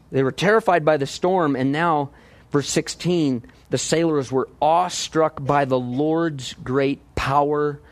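A man preaching a verse-by-verse sermon in a conversational, animated way, often asking his listeners questions. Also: a little high, no room sound. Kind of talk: expository sermon.

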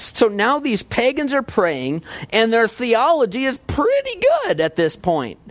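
A man preaching a verse-by-verse sermon in a conversational, animated way, often asking his listeners questions. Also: very high voice, a little slow, hardly any pauses, no room sound. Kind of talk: expository sermon.

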